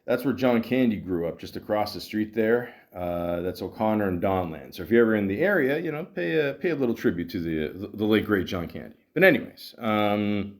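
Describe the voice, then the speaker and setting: A man's voice: lowish voice, animated, a little fast, few pauses. A middle-aged Canadian man hosting a podcast, rambling through hockey talk with lots of swearing, fillers and restarts. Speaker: podcast host.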